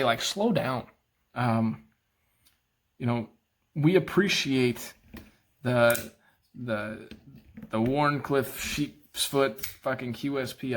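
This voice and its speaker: A frustrated man delivers a profanity-laced rant straight to camera. He rambles, trips over his words, and circles back. Now and then he softens into apologetic asides. His voice sits at an ordinary middle pitch. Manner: self-deprecating, apologetic asides. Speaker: knife collector vlogger. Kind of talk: casual ranting monologue.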